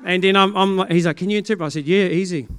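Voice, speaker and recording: A middle-aged man from New Zealand with a New Zealand accent, a pastor telling a testimony to his congregation in a lively way, acting out the dialogue and breaking into loud exclamations. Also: sits high, racing, a little hiss or hum.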